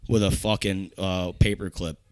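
A young man from upstate New York spins a rambling, profane story among friends, jumping into voices for the people in it. His voice sits a little low and is recorded dry and close, with no room sound. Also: moderate pace, clean tone, no echo. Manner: profane, animated storyteller acting out quotes. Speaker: podcast host. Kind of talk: casual storytelling chat.

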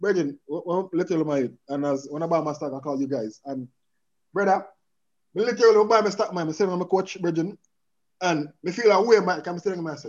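A man's voice: fairly high pitch, fairly quick. A man, a podcast guest chatting casually and animatedly, mixing in patois and often asking "you understand?". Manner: animated, repeatedly checks in with the listener, mixes in patois. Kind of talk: casual chat. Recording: dull lo-fi sound.

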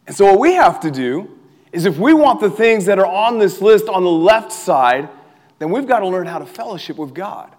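Young male youth pastor, high voice, animated and playful with the crowd, recorded in a reverberant hall. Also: moderate pace. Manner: animated, calls for crowd responses, laughs often. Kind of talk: energetic sermon. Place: church hall with a live audience.

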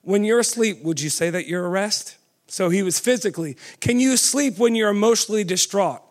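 A man with a high voice delivers a sermon. He keeps turning to his listeners with questions and pushes them on with "come on". His pace shifts between brisk runs and slow, stretched words. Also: expressive. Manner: asks the audience many questions, urging with "come on"; pace swings from quick to slow and drawn out. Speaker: preacher.

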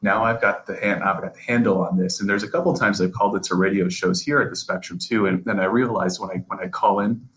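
A man's voice: low-pitched, fairly even intonation, quick pace, few pauses, fairly bright tone, rough recording. A young man, a sports reporter, talking earnestly as a podcast guest, often repeating and restarting words. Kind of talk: casual interview conversation.

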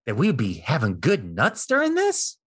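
A man in his thirties co-hosting a casual comedy podcast, telling bits in an animated way and jumping into high voices for characters. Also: normal speed, breathy edge, dry recording, studio quality. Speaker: podcast co-host.

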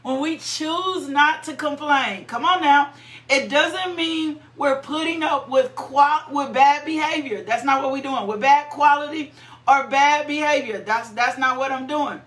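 A woman preaching with a high, bright voice, taking her time and repeating lines for weight. She slips into prayer and sudden high cries of praise. The sound is roomy and echoing, as in a church. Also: unhurried. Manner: fervent, breaks into high cries of "ooh" and laughter. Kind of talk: sermon.

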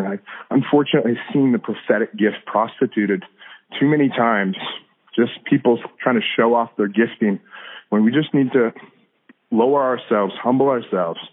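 A man, likely in his thirties, telling a faith story as a guest in a casual interview, animated and quick to laugh. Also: on the low side. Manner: animated, laughs often, repeats words. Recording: phone-like narrow band audio.

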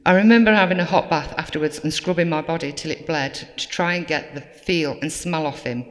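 A woman giving a measured, plain-spoken personal testimony to an audience in a large hall. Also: sits low. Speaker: survivor giving a talk. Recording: long hall reverb.

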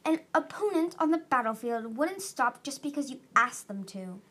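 A woman voicing a stern, harsh male dragon who trains young dragons in battle, with a gruff, commanding delivery. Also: high voice, animated, normal speed, a bit bright, exaggerated voice.

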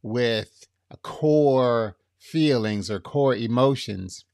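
A man gives a relaxed, conversational sermon, taking his time over each point. He keeps checking in with the congregation as he goes, and the recording is close and dry. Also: mid-range voice, extremely slow, dry recording. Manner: casual, checks in with "right?", acts out quotes. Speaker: preacher teaching on relationships.

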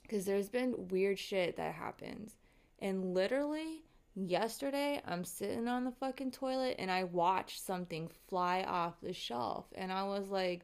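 A woman's voice: mid-range voice, moderate pace, smooth. Woman vlogger, mid-range voice, chatty and shaken storyteller who swears a lot. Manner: animated, profane, rattled storytelling. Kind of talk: casual storytime monologue.

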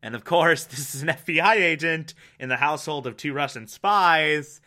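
A man's voice: on the high side, normal speed, bright, forceful tone. A man giving a casual, chatty recap of a TV episode, laughing often and using lots of fillers. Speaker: podcast host.

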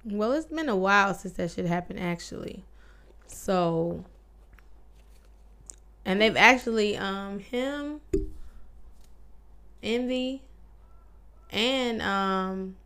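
Woman co-host, clean resonant voice, measured and conversational, adds context. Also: medium pitch, a bit bright. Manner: measured, corrective, filler-laden. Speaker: podcast co-host. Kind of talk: casual podcast chat.

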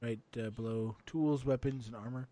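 A man's voice: medium pitch, steady tone, moderate pace, dark tone, dry recording. A man playing a tabletop game, bantering and laughing a lot with the others. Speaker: player. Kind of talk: casual tabletop game play.

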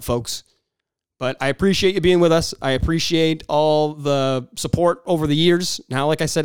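A man's voice: fairly high pitch, clean tone, no room sound, clean studio sound. A man hosting a podcast, talking in a blunt, profane casual monologue. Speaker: podcast host.

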